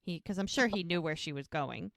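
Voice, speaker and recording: A woman's voice: lowish voice, brisk, vocal fry, fairly bright tone, dry recording, studio quality. A woman co-hosting a podcast, casually retelling scenes and quoting the characters as she goes. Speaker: podcast co-host. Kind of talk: casual recap chat.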